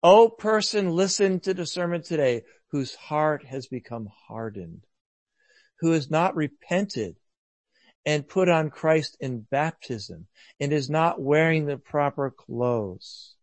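A man preaching a sermon earnestly, rising to loud emphasis and dropping to hushed, soft lines. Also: on the high side, expressive, slow pace, no echo.

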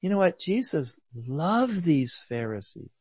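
A man preaching a sermon earnestly, rising to loud emphasis and dropping to hushed, soft lines. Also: fairly high pitch, sing-song, a little slow, breathy edge, no echo.

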